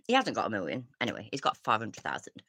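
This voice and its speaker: A woman's voice: a bass voice, huge pitch swings, a little fast, a bit bright, dry recording. A woman, ranting casually as a commentary streamer, rambling with restarts, sighs and frequent swearing.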